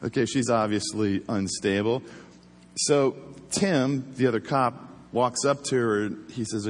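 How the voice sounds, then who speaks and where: A man tells a story casually and animatedly, acting out the voices of the people in it. His voice is husky and mid-pitched. It rings with the long reverb of a large hall. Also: moderate pace. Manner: animated storyteller who acts out quoted voices with laughs. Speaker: former police officer.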